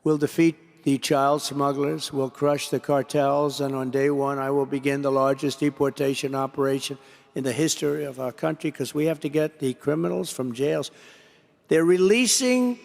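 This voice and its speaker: Fairly high yet gravelly, his voice stays steady at a normal speed. He's a political speaker addressing an association in a rally-style speech at a podium mic in a big convention hall, rambling, repeating and digressing, all with long hall reverb.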